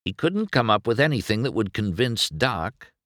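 A man narrating a storybook aloud in a slow, expressive way. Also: lowish voice, no room sound, clean studio sound. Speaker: storybook reader.

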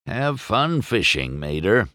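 A man voicing a dry, wise old male car with flat, wry remarks. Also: fairly low pitch, slow, dry recording, exaggerated voice.

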